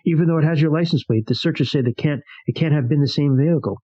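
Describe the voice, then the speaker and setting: A man hosting a show in which he plays a solo tabletop horror adventure, reading it aloud with animated asides and casual swearing. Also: fairly high pitch, quick pace, dry recording, dull audio. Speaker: host playing a solo tabletop game.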